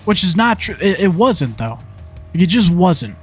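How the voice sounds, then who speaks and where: Soft music plays behind a young gaming streamer commentating live on a zombie shooter, his high voice sing-song, slightly rough, and at normal speed. He gets frustrated and swears, talks to the game, and swings between mumbled asides and yelled outbursts.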